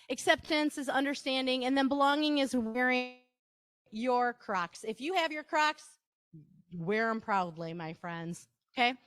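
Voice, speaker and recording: A woman's voice: fairly high pitch, dry recording, studio quality. Chatty Wisconsin woman presenting a workshop. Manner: chatty, asides and rhetorical questions to the audience. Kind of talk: live presentation to an audience.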